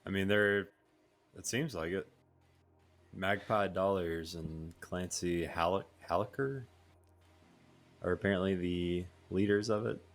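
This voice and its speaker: A man's voice: sits low, fairly even intonation, unhurried, long pauses. A man playing a role-play game, filling in another player in a loose, offhand way full of fillers. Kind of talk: casual in-character role-play chat.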